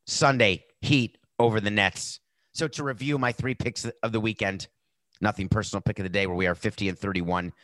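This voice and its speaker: A man hosting a sports betting podcast, talking casually and animatedly, jumping between loud outbursts and muttered asides. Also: fairly low pitch, steady tone, a little fast, dry recording.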